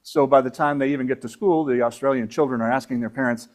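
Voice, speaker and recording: A man's voice: medium pitch, fast, a little mellow. A man teaching astronomy to a club audience in a conversational, rambling way with fillers and asides. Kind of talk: lecture to an audience. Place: meeting room with audience.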